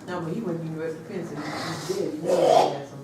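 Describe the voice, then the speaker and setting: A man in a class cuts in with short, quick remarks in a high, lively voice. He sounds far off in a very echoey room buried in loud noise. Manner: quick brief interjections.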